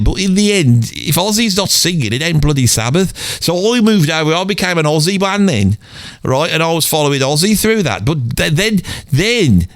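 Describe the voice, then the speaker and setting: A man with a voice on the high side plays a grumbling middle-aged Birmingham bloke, Birmingham accent and all, in a comedic monologue. His rambling rant is peppered with "bloody" and mild swearing, recorded dry with clean studio sound.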